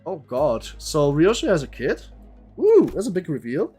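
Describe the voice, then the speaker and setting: An excitable young man streams a game live, blurting out his reactions and swearing freely. His voice sits a touch high, with soft music playing underneath. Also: moderate pace, breathy edge.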